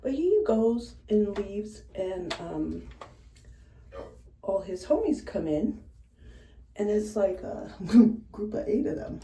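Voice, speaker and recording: Animated, blunt woman telling bar stories. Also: mid-range voice, takes it slowly, long pauses, recorded from a distance. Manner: animated, blunt storyteller who swears freely. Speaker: bartender. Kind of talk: casual storytime while doing makeup. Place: room in a house. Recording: echoey room, away from the mic, faint noise.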